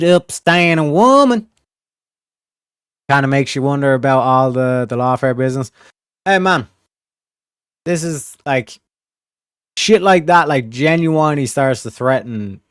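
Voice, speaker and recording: Talking to chat during a laid-back livestream, this Californian swears freely and wanders from topic to topic in a country, Southern-leaning accent. The mid-range voice comes through clean and dry, with no room sound and a studio finish.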